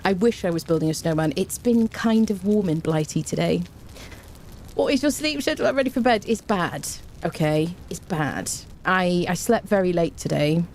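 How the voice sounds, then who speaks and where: A woman's voice: lowish voice, normal speed, a little mellow, a little hiss or hum. A woman streaming a game, chatting casually and greeting viewers one by one. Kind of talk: casual livestream chat.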